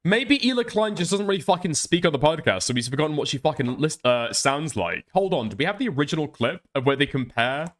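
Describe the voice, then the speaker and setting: Guy streamer reacting to clips, swears a ton, kinda high voice, super lively. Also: fast, few pauses. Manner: profane, incredulous, animated. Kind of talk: reaction commentary.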